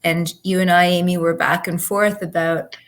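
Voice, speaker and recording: A woman guest in a reflective personal chat, speaking in a halting way and searching for her words. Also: lowish voice, little pitch movement. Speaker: guest co-host.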